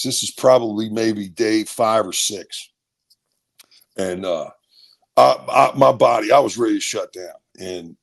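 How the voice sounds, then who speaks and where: This man's voice sits on the low side with noticeable vocal fry. He's a middle-aged Marylander who once played college football, and he spins casual stories with animation, doing impressions of the people in them.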